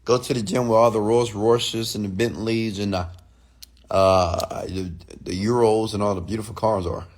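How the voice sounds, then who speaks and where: An animated man in a casual late-night rant who talks straight to his viewers. His pitch swings a lot, and he jumps into high, mocking voices to act out other people. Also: normal speed. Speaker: online entrepreneur and mentor.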